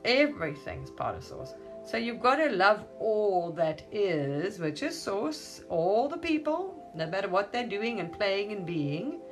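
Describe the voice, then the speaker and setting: A woman's voice: mid-range voice, very animated, measured pace, few pauses, faint music behind. Gushing, rambling spiritual woman. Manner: gushing, repeats wow and amazing, laughs often. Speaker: spiritual teacher.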